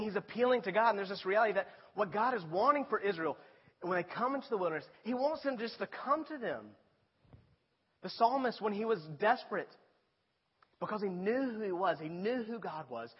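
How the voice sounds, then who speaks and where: Preacher guy, kinda high and husky, easygoing sermon that builds up, muffled with a big hall echo. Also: lively intonation, fairly quick. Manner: conversational preaching, rising to emphatic appeals. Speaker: pastor. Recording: dull sound with long reverb in a large hall.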